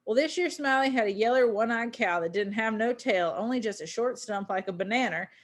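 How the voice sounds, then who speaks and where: A woman's voice: a little high, fairly quick, no echo, rough recording. A woman teacher reading a story aloud to a class, with casual asides and small slips.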